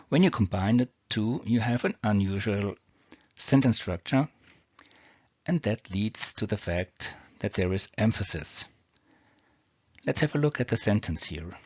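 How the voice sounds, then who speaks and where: A man with a German accent who teaches English grammar, explaining rules slowly and reading example sentences with care. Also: fairly low pitch, a little mellow, slightly rough, no room sound. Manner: slow, deliberate, reads example sentences carefully. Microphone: built-in or cheap mic. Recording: dull, dry home recording.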